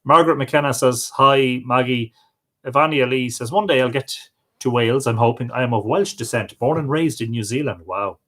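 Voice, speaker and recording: A man's voice: medium pitch, moderate pace, a bit bright. A man with an Irish accent hosting a livestream, chatting casually and reading viewers' comments aloud, greeting each one by name. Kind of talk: casual live chat.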